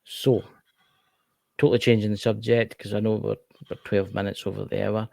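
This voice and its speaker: A man's voice: on the low side, little pitch movement, normal speed, gravelly, warm tone, dry recording, studio quality. A man co-hosting a podcast, chatting casually and rambling, often repeating himself. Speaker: podcast co-host. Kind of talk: casual chat.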